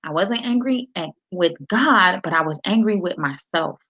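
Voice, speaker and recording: A woman's voice: fairly low pitch, animated, normal speed, fairly bright tone, muffled recording. A middle-aged woman from Miami giving an inspirational talk on a livestream, quoting scripture and greeting her viewers by name in a preacherly way. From Miami, Florida. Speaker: motivational speaker and author. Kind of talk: live-streamed inspirational talk.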